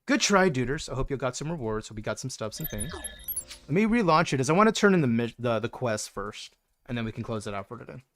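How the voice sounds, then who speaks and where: A man's voice: mid-range voice, sing-song, quick pace, fairly bright tone. A man livestreaming a game, chatting playfully with his viewers and greeting them by name. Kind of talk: casual gameplay chat with viewers.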